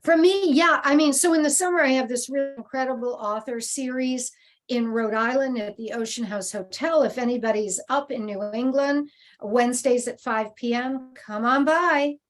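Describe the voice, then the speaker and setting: A woman's voice: high-pitched, normal speed. A woman author chatting on a video call and answering readers' questions encouragingly. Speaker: guest author. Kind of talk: casual video call conversation.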